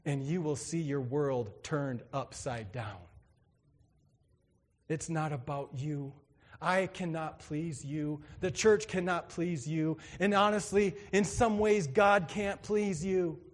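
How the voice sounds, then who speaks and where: High-voiced preaching man in reverberant church. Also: slow. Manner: dramatic swings between loud exclamation and quiet emphasis; acts out quoted voices in his preaching. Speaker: pastor. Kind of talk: sermon.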